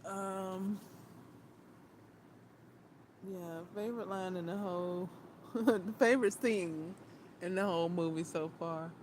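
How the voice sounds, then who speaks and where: A woman's voice: fairly low pitch, fairly even intonation, measured pace, darkish tone, a little hiss or hum. A woman vlogger chatting casually about a movie, giggling often and repeating her words.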